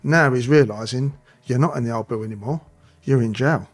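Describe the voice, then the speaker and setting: A man's voice: mid-range voice, a little fast. A middle-aged man telling a rambling, profanity-filled story as an interview guest. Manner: swearing, rambling, streetwise anecdotes. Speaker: guest, former police officer.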